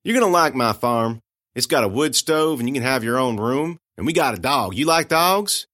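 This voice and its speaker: A man's voice: mid-range voice, lively intonation, moderate pace, a bit bright, no room sound, studio quality, pitched above the performer's own voice, natural voice. A man voicing a plainspoken, stubborn but kind young farm woman who talks in a folksy, reassuring way. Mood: cheerful.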